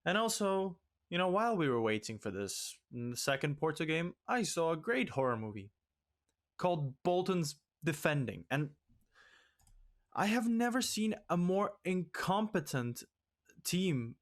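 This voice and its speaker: A man's voice: very animated, a little slow. Exasperated man ranting over a game. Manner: exasperated, ranting, swings loud and high. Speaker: let's play host.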